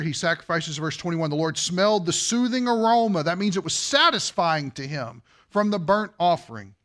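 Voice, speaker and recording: A man preaching a sermon to a congregation, asking them questions and swinging between loud emphasis and hushed, quiet lines. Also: high-pitched. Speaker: pastor.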